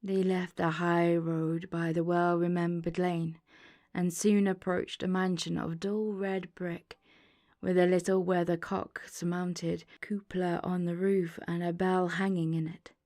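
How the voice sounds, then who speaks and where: A woman narrating a classic tale as a bedtime audiobook in a calm, measured reading voice. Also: on the low side. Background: soft ambient music.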